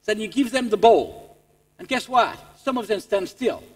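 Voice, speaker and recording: A man with a French accent giving an animated motivational business talk to staff. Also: high voice, moderate pace, slightly rough. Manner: animated, repeats words as he restarts. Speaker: keynote speaker. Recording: long reverb in a large hall.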